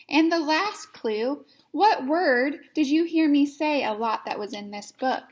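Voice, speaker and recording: A woman gives an early-grade lesson in a slow, sing-song teacher voice. She sits a little high in her register and spells words out letter by letter with patience. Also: animated, a little hiss or hum. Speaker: kindergarten teacher. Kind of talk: slow, clear teaching to young children.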